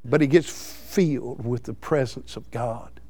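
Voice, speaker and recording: A man preaching a folksy, excitable sermon. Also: medium pitch, unhurried. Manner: excitable, folksy, laughs between lines.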